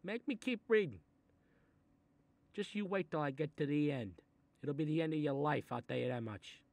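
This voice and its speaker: A man doing a gravelly Italian-American mob boss. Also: fairly high pitch, normal speed, a little mellow, no room sound. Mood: gruff menacing. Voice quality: gravelly, threatening. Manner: grumbling asides, sudden angry outbursts, swearing. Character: gruff Italian-American mob boss father, menacing and short-tempered. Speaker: mob boss reading a children's book. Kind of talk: comedic animated character voice.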